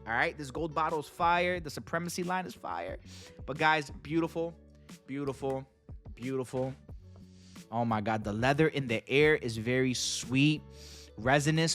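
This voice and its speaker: A man's voice: fairly high pitch, fairly bright tone. Upbeat slangy man reviewing fragrances. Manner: enthusiastic, slangy, keeps addressing viewers as guys. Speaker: fragrance reviewer and channel host. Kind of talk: casual product review to camera.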